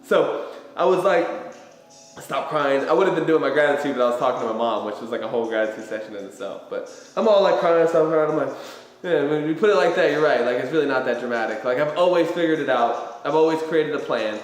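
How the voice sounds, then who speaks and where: A motivational vlogger gives a casual pep talk on a livestream, rambling, using lots of fillers, and swearing freely. His voice is a little high and fast. The room is very echoey, with long reverb.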